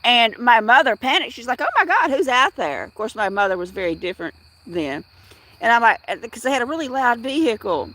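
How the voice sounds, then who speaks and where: Bright high-voiced woman chatting on a livestream. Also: expressive, fairly quick. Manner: rambling, chatty, talks straight to viewers. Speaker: livestream host. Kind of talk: casual livestream chat. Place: outdoors at dusk.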